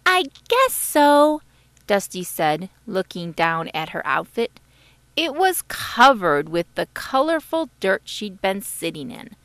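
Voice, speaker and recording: Slow, expressive woman reading a storybook. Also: fairly low pitch, no room sound. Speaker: author reading her book. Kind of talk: audiobook narration.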